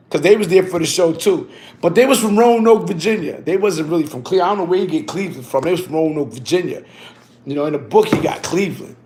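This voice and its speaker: Slangy man telling a street story, slightly high voice. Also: slight background noise. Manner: slangy, loose delivery with frequent "you heard" tags; halting, self-correcting when reading text aloud. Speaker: storyteller recounting his own past. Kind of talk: casual street storytelling and reading aloud from a book.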